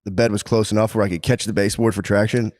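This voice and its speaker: A man co-hosting a podcast, telling a crude story in excited casual chat, swearing a lot and yelping his own reactions in a high voice. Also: rapid-fire, no echo, studio quality. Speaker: podcast co-host.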